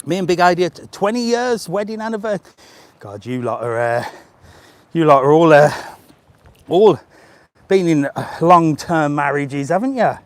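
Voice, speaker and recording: A middle-aged man talks in a slightly high voice, live-streaming as he strolls outside through a resort. He is chatty and jokey, and he chuckles between remarks, recorded on a small handheld camera. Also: animated, normal speed, long pauses. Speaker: travel vlogger. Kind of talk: live-streamed walking vlog. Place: outdoors in a resort hotel grounds. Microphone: handheld gimbal camera.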